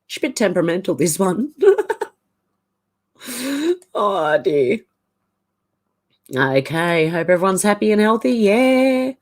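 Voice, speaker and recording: A woman's voice: lowish voice, lively intonation, slow, pauses often. An Australian woman hosting a live stream from home, chatting casually and greeting viewers by name as she reads their comments. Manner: chatty, greets viewers by name with a bright lilting "how you going". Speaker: livestream host. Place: home room, indoors.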